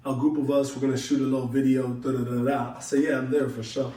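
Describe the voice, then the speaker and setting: A man's voice: mid-range voice, flat delivery, fast talker, dark tone, reverberant, recorded from a distance. A young man telling a long story to his viewers in loose slang, acting out both sides of each conversation. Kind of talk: casual storytelling to camera.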